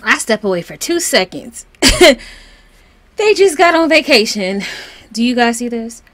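A woman giving casual gameplay commentary in a voice pitched a little high. Her tone swings up and down freely. She chats along and coaxes her game characters like they're her kids. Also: sing-song, measured pace, fairly bright tone. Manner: chatty, talks fondly to her game characters. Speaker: let's play host.

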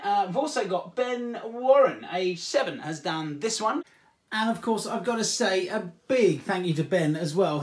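Kids show host, silly and theatrical, chatting right at the children. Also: mid-range voice. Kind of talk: playful kids' show presenting. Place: home, garden.

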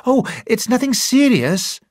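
A bossy, falsely cheerful middle-aged spinster, put on by a male reader for a storybook. Her voice climbs higher than the narration and moves a lot. The sound is dry and close. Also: big pitch swings, measured pace, no echo. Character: brisk middle-aged spinster sister of a doctor.

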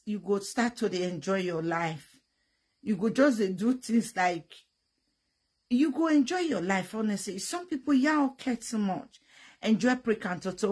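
A young woman with a Nigerian Pidgin English accent, talking frankly and bluntly to her viewers, with loud bursts and sound effects. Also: on the high side, husky. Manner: blunt and teasing. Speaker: vlogger. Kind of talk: frank casual talk to viewers.

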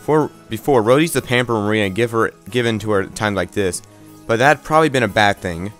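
A man's voice: on the low side, fast talker, a bit bright, faint music behind. A man reading a visual novel aloud, stumbling and restarting words, with wry asides.

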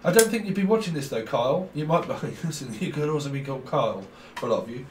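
A man's voice: fairly high pitch, animated, fast, far from the mic. A man giving a rambling, jokey tarot reading, free-associating and putting on silly voices. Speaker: tarot reader. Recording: roomy echo, set back from the mic, faint background noise.

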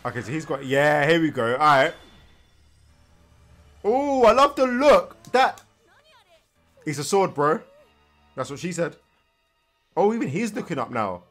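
A young man giving casual, animated reaction commentary while watching, tired and yawning, with slangy asides and frequent repeated words. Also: on the high side, normal speed, long pauses, faint music behind. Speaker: anime reaction host. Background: faint anime soundtrack.

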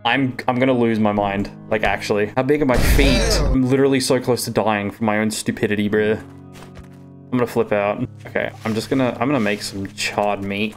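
A young man with an Australian accent, a gaming streamer talking casually over gameplay, joking, swearing and bursting out excitedly. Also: fairly low pitch.

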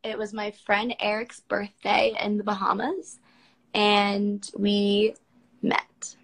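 A woman's voice: mid-range voice, level tone, slow pace, creaky, low-quality recording. A woman in her twenties from Washington, D.C., chatting casually on a phone livestream and answering viewers' comments at home. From Washington, D.C., United States. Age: 20s. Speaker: model answering fans on a livestream.

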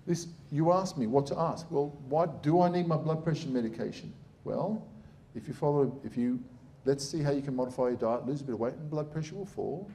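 Aussie surgeon guy giving a talk, blunt and sarcastic, warm dark voice. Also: on the high side, a little fast, few pauses, a little hiss or hum. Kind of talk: lively public talk.

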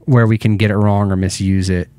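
A man's voice: fairly low pitch, flat delivery, brisk, dark tone, no echo. A man co-hosting a church podcast, rambling and self-deprecating, with many fillers. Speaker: podcast co-host. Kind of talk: casual church podcast chat.

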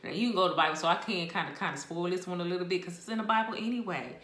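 A woman chatting casually about books she read, expressive and talkative with laughs and asides. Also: on the low side, very fast, reverberant. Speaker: book vlogger. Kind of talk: casual book review chat.

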